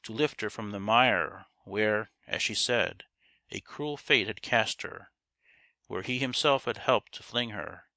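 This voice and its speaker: A man reading a Victorian novel aloud in a measured, expressive way. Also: lowish voice, no echo, clean studio sound. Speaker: audiobook reader. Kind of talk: scripted narration of a Victorian novel.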